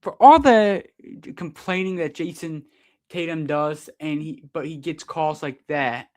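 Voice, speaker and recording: A man doing live fan play-by-play of a basketball game, partisan and quick to protest the referees' calls. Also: a little high, darkish tone. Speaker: sports streamer doing play-by-play.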